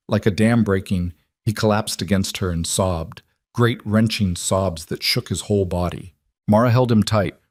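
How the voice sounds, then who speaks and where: Low-voiced male storyteller, dry close sound. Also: a little mellow, no echo. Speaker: narrator. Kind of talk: scripted story narration.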